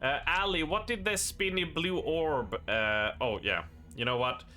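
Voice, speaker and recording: A man streaming a horror game live, excitable and joking, reading notes aloud and laughing often. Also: on the high side, measured pace. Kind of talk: live gameplay commentary.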